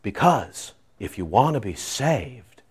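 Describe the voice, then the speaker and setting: A man preaching a sermon, emphatic and repetitive, swinging from loud declarations to hushed prayer. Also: on the low side, very animated, takes it slowly. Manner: repeats phrases for emphasis. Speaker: pastor.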